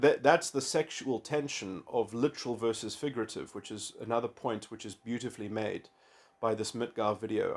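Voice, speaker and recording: A man thinks out loud in a loose, rambling monologue on big ideas. His voice sits at an ordinary middle pitch. He keeps stalling, restarting his sentences and leaning on filler as he goes. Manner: halting, full of restarts and "you know". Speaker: video essayist.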